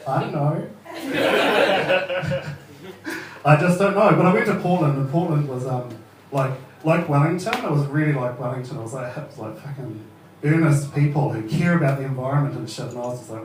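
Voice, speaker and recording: A man's voice: fairly high pitch, moderate pace, a little hiss or hum. A man in his thirties with a New Zealand accent, doing a casual, sweary stand-up set and laughing at his own jokes at an open mic. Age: 30s. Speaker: stand-up comedian. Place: open mic comedy venue. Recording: echoey room, heard from far off.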